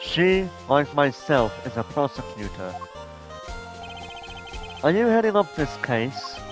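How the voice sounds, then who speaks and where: A man's voice: a little high, sing-song, slow, over music, poor audio. A man putting on a stiff British prosecutor. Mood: formal. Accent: attempted British. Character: composed male prosecutor, stiff and formal. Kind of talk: fan reading of a game script.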